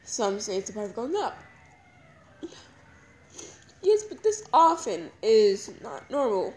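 Tearful high-voiced young woman confiding. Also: very animated, dark tone, low-quality recording. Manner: halting, emotional, repeats herself. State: crying. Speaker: podcast host. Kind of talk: personal confessional monologue.

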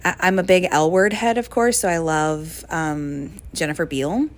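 A woman's voice: fairly low pitch, steady tone, moderate pace. A young woman hosting a casual solo podcast, chatty and gushing with lots of fillers. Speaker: podcast host.

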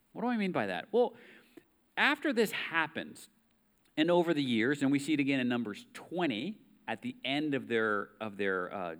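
An American pastor preaching a sermon in an easy, conversational way. His voice sits at a medium pitch, and he reads passages aloud and turns to the listeners with rhetorical questions. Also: a bit bright.

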